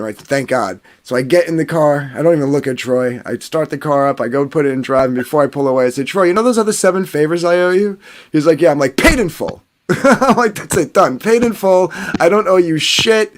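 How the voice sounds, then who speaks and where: A man's voice: fairly high pitch, a little hiss or hum. A man casually telling a story on a podcast panel, swearing and acting out what people said. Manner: animated, swearing, acts out quotes.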